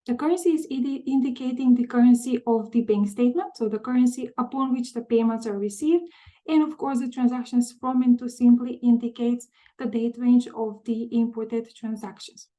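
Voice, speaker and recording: A woman presenting a software walkthrough in a webinar, methodical, often pausing with "um" and repeating words. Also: fairly high pitch, rough recording. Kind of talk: webinar screen-share walkthrough.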